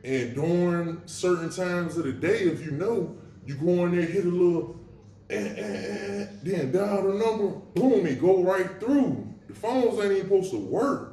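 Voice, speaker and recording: A man on his own show, telling a story from his past in a casual, slangy, profane way with wry humor about dark memories. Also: high voice, lively intonation, moderate pace, echoey room, distant mic. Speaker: podcast host recounting his past.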